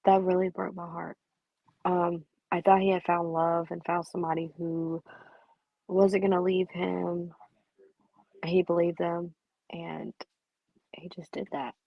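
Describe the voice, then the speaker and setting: A woman's voice: on the low side, little pitch movement, measured pace, vocal fry, pauses often, no echo, narrow, tinny audio. A woman hosting a casual live chat, talking playfully and answering viewers. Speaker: livestream host.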